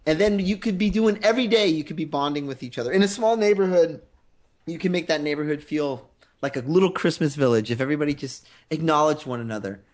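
Married guy telling rambly stories in a casual chat, chuckles a bunch, slightly high voice. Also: fast talker, darkish tone.

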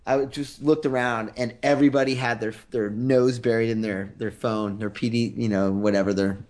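A man's voice: mid-range voice, steady tone, normal speed, darkish tone. A man in casual podcast chat, telling rambling anecdotes with a chuckle.

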